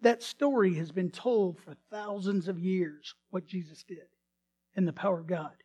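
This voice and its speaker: At a normal speed and with a high voice, a man preaches a sermon, recounting a story theatrically. His delivery alternates between loud, emphatic bursts and quiet passages, and he often starts over or repeats words.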